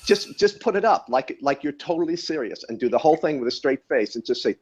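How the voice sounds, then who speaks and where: A man's voice: medium pitch, lively intonation, quick pace, muffled recording. A man who tests batteries, talking in a casual podcast chat in a wry, rambling, self-correcting way. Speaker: battery tester and guest.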